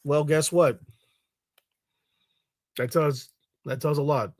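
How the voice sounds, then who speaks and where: A man rants bluntly in a vlog, swearing freely and getting heated. His voice sits a little high for a man. The sound is dry and close, with no room echo. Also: steady tone, slow, a little mellow. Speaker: commentary vlogger. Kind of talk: ranting commentary.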